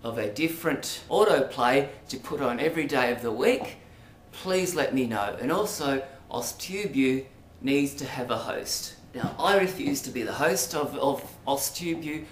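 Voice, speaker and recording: An Australian vlogger delivers a casual, rambling monologue to camera, hesitant and full of ums and asides, yet animated and unhurried with hardly any pauses. His voice is at an ordinary middle pitch. The room echoes noticeably, with a faint hiss of background noise.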